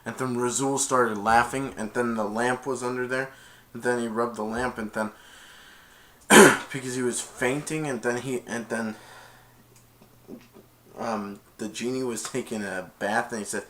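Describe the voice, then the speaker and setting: A man's voice: mid-range voice, fairly even intonation, measured pace, a bit bright. A man casually reviewing a film, retelling the plot in a rambling way with many "and then"s.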